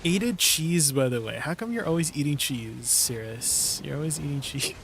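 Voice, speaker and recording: This game streamer's voice is a little high with lively intonation and vocal fry, moving at normal speed over a noisy background. He chats casually with viewers, relaxed and talkative, packing in fillers and laughing often.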